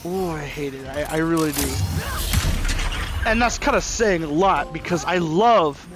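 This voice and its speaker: A young man with a fairly high voice, giving casual, rambling commentary on a game. He talks in an opinionated way, with plenty of fillers and restarts. Loud game music plays behind him. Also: animated, unhurried. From Southern US. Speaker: gameplay commentator.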